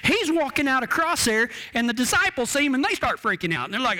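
A man's voice: extremely high pitch, sing-song, fast, few pauses, bright, forceful tone. A man preaching a folksy, homespun sermon, often repeating words as he restarts his sentences. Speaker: cowboy preacher.

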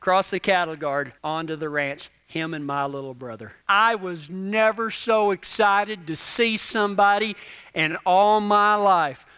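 Young male preacher, twenties; high, bright voice; animated, repetitive storytelling. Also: measured pace, smooth. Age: 20s. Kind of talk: storytelling sermon.

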